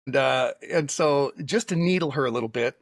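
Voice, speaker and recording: A man telling a long personal anecdote as a podcast guest, animated and peppered with "right?" and "okay?" as he acts out what people said. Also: mid-range voice, a little fast, dry recording, studio quality. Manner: frequent tag questions like right and okay. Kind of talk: casual storytelling.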